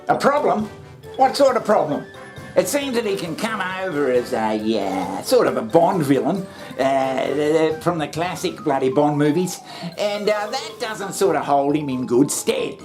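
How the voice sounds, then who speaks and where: A woman's voice: sits low, expressive, measured pace, faint music behind. A woman hosting a satirical comedy show, sarcastic and full of swearing, often laughing.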